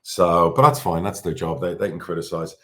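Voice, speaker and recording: A man's voice: deep voice, steady tone, brisk, bright, forceful tone. A middle-aged Irish man, a football club chairman, talking candidly on a podcast, blunt and swearing freely. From Ireland. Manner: blunt, swears freely, repeats words when worked up.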